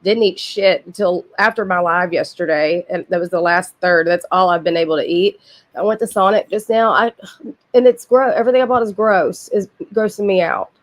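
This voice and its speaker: A woman's voice: on the low side, moderate pace. A woman, sick with a cold and sniffling, hosting a livestream in casual, blunt, profane chat with her viewers. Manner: blunt, profane, chatty with frequent asides. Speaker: livestream host.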